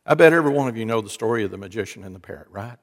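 A man's voice: fairly low pitch, lively intonation, racing. Folksy preacher man in a reverberant hall. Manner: folksy storytelling, wry asides to the congregation. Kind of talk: sermon with jokes.

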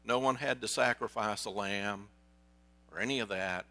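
With a gravelly, sharp voice of fairly low pitch, this pastor preaches at normal speed. His sermon unfolds as conversational storytelling, and he asks the congregation questions along the way.

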